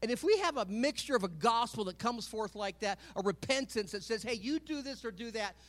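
A man's voice: extremely high pitch, expressive, a little fast, fairly bright tone. A man preaching a sermon in a conversational way, often repeating and correcting himself and calling out to the congregation. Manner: calls out to the congregation.

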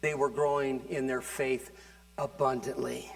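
A man preaching a sermon, talking casually with restarts and building to fervent, louder passages. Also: medium pitch, flat delivery, measured pace, creaky. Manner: conversational, with repeated words and restarts. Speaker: pastor.

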